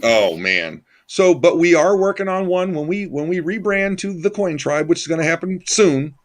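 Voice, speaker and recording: A man's voice: fairly high pitch, lively intonation, moderate pace. A man hosting a casual group chat, rambling and enthusiastic with many restarts. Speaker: channel host.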